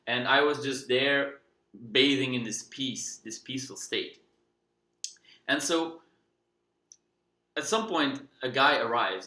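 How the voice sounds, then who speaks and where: A man recounts a personal story for his vlog in a relaxed, unhurried manner, often pausing with fillers and restarting his sentences. His voice is bright and clear, and it carries a noticeable room echo. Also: medium pitch. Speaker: vlogger. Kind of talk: casual storytelling.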